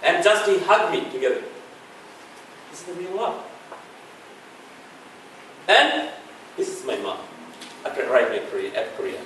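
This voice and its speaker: A middle-aged man with a Bangladeshi accent gives a public talk in an echoey lecture hall, heard from some distance off the mic. His voice sits a little high for a man, and his delivery is earnest and halting, full of restarts and chuckles. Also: very animated, fairly bright tone, slight background noise. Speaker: guest speaker.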